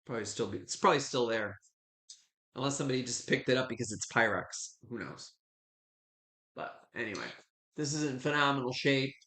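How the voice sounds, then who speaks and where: His mid-range voice is animated, pushed and bright, a little fast, broken by long pauses, and it echoes around the room. The speaker, a man in his fifties, hosts a live online auction from home, casually calling viewers honey and sweetie.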